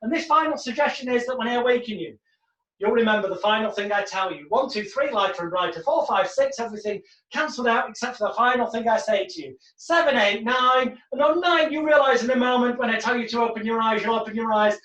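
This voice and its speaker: A man's voice: extremely high pitch, fast talker. A man explains stage hypnosis in a loose, chatty teaching monologue. He tells his stories with gusto, acting out the voices of the people involved. He sits away from the mic in an echoey room, and the sound is slightly muffled. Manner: lively storyteller who acts out quotes. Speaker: hypnosis trainer. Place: home room in front of a backdrop. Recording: roomy, distant, dull sound.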